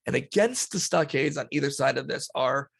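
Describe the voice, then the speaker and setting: A man's voice: mid-range voice, moderate pace, vocal fry, a bit bright, breathy edge, no echo. A man narrating a tabletop game as game master, loose and casual.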